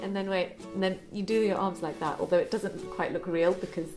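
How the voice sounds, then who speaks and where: A woman beauty vlogger talking through a makeup tutorial, bubbly and excitable in her chat and outro. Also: mid-range voice, moderate pace, soft background music.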